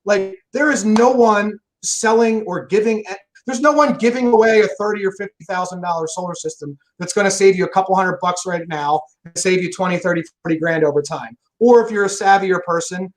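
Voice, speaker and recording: A man talking fast and emphatically in a casual interview about selling, rambling and swearing freely. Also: high voice, low-quality recording. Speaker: solar sales pro guest.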